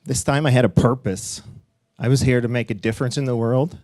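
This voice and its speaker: A middle-aged man telling a personal story live on stage, animated and swearing at times, leaping up in pitch as he acts out what people said. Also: fairly quick, no echo, studio quality. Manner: animated, acts out quotes with big pitch jumps, laughs and swears.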